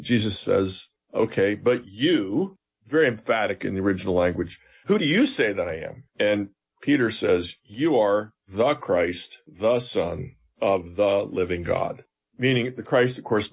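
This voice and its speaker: Seminary prof guy being interviewed, kinda low voice, earnest and emphatic. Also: husky. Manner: earnest, teacherly, emphatic retelling. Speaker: seminary professor, guest. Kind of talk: explaining scripture in an interview.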